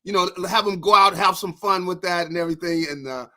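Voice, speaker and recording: A man's voice: high-pitched, quick pace, pushed and bright. A man speaking as a guest football analyst in a casual, rambling way with many restarts. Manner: rambling, lots of restarts and "you know". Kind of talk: casual sports talk.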